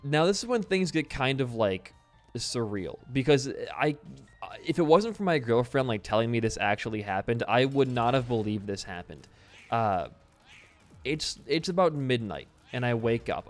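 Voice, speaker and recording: A young man of ordinary pitch, chatting loosely as he plays a game and tells a long story. He rambles, restarts and swears casually. Faint game music sits under his voice. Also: big pitch swings, normal speed. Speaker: gaming video host. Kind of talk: casual let's-play commentary mixed with storytelling.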